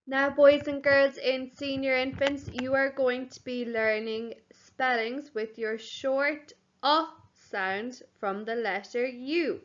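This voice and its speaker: Bright slow-spoken woman teacher. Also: high-pitched, fairly even intonation. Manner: slow, clear, sounding out words for young children. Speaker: primary school teacher. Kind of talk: recorded home-learning lesson. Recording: slightly dull, lo-fi audio.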